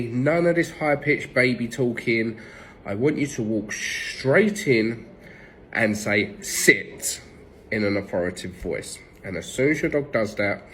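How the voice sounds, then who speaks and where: A man's voice: lowish voice, fairly bright tone, a little hiss or hum, poor audio. A man with an English accent, a dog trainer giving blunt, direct tips and swearing casually. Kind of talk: instructional tips to camera. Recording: music playing behind.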